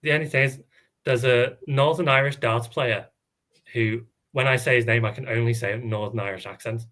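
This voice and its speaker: A man's voice: medium pitch, steady tone, brisk, fairly bright tone. Bashful self-deprecating man. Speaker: podcast co-host. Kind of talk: casual chat.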